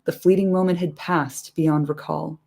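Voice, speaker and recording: A woman's voice: deep voice, fairly even intonation, normal speed, gravelly, warm tone. A woman reading a story aloud expressively, dropping in irreverent casual asides. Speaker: reader.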